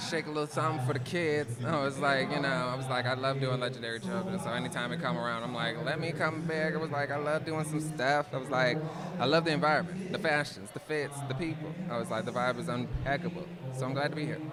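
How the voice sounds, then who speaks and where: A man's voice: medium pitch, steady tone, quick pace, a loud crowd. A tired, out-of-breath male performer chatting casually, constantly saying "I was like". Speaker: performer, interview guest. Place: outdoors at event. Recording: very loud music behind outdoors.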